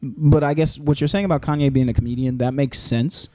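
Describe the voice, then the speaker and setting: A man's voice: on the high side, fairly even intonation, fairly quick, a little mellow, no echo. A man who is a comedian, a guest on a podcast, talking in a laid-back, reflective way and often restarting his sentences. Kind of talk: casual podcast chat.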